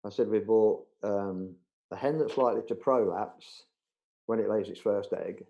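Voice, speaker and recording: A middle-aged man, telling an animated anecdote in a casual live interview, acting out the voices of other people. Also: fairly low pitch, moderate pace, creaky, highs cut off. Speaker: budgerigar breeder telling a story.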